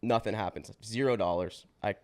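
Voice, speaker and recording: Man, 20s, podcast guest, low-pitched, casual storytelling, slangy, swears, quick restarts. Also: a little mellow. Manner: slangy and swearing, says bro and dude; fast run-on telling with restarts.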